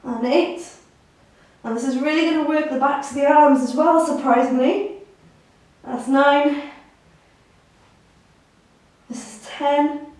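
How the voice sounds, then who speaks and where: A woman's voice: high-pitched, fairly even intonation, slow, pauses often, darkish tone. Encouraging woman fitness instructor, echoey. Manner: encouraging, counts reps aloud. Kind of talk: guided workout instruction. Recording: echoey room, mic at a distance.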